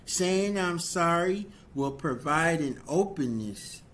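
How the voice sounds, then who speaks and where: A man giving a livestreamed motivational talk on relationships, slow and deliberate, repeating key phrases for emphasis and asking rhetorical questions. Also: on the high side, lively intonation, fairly bright tone, slight background noise. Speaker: relationship speaker.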